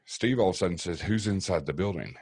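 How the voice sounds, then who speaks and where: This podcast guest, a paranormal investigator from East Tennessee, talks fast in an extremely deep, slightly rough voice while telling a story. He's relaxed and profane and acts out others' lines vividly, recorded close to a dry mic with no room sound.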